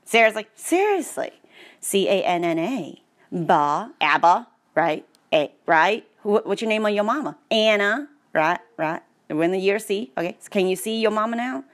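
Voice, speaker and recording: A woman's voice: mid-range voice, animated, a little slow. A woman reading technical text aloud, with playful, sarcastic asides. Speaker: vlogger. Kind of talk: joking read-aloud commentary.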